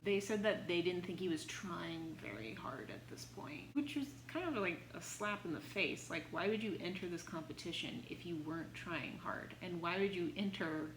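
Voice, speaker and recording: A woman's voice: on the low side, a bit bright, roomy sound, slight background noise, poor audio. A woman music teacher telling a composer's story in a chatty, playful way, with dramatic exclaimed punchlines. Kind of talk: casual educational storytelling.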